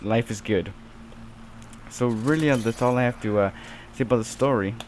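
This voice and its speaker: Over his gameplay, a teenage channel host speaks at normal speed in a mid-range voice, spinning a rambling story full of fillers. There's a little hiss or hum on the recording.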